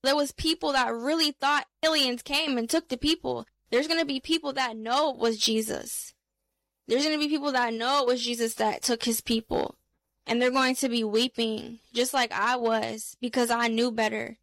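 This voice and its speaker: A woman's voice: fairly high pitch, steady tone, moderate pace, fairly bright tone, no room sound. A young woman, emotionally recounting a dream and urgently preaching. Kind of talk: testimony of a dream, preaching to camera.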